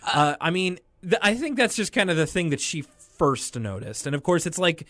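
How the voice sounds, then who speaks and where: A man's voice: a little high, sing-song, moderate pace, hardly any pauses, a bit bright, no echo. A man co-hosting a podcast in casual chat, rambling and retelling cartoon scenes. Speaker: podcast co-host.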